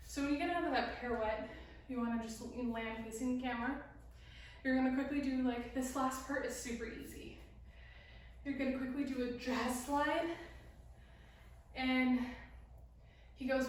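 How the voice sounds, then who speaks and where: A young woman with a high, steady voice teaches a casual beginner dance routine at a measured pace, pausing often. As she shows each move she counts and sings lyric snippets, and she's occasionally out of breath. Her voice comes from far away in a very echoey room.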